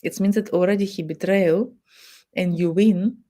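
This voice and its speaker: A woman's voice: medium pitch, fairly even intonation, normal speed, mellow. A woman with a Russian accent, a therapist giving relationship advice in simple non-native English. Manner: non-native English with simple grammar, acts out quoted dialogue. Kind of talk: advice talk to the camera.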